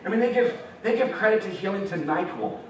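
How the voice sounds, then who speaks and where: High-voiced young American male preacher, jokey and animated, heard from afar in a big echoing room with an audience. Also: a little fast, noisy background. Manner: playful, joking, laughing often, acting out voices. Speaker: campus ministry speaker. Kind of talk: sermon. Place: meeting hall with audience. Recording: echoey hall, mic far off, audience.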